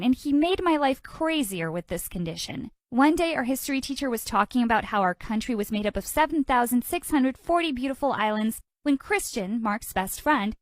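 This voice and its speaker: A woman narrating a first-person animated story in a dramatic, expressive way. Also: fairly high pitch, no echo, studio quality.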